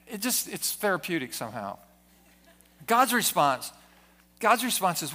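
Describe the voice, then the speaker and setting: Male pastor, sermon delivery, earnest, repeats phrases, bright tone. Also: high voice, sing-song, unhurried, pauses often. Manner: earnest preaching with frequent word repetitions. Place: church service.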